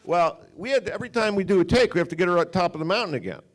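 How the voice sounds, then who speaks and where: A man's voice: sits high, racing. A man in his sixties, a film director, telling rambling anecdotes at a cinema Q&A. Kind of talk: storytelling on stage. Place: cinema stage.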